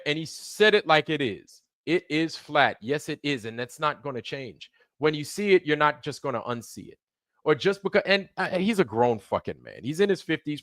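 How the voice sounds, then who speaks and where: A man's voice: on the high side, fairly bright tone, no room sound, clean studio sound. A man hosting a livestream, delivering heated, profane commentary, repeating himself for emphasis. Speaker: livestream host.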